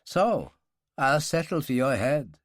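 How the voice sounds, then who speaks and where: A man doing a suave menacing baron, deep and German. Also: big pitch swings, takes it slowly, no echo, studio quality. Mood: smooth menace. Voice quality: deep, pleasant. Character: older male baron, suave menacing villain.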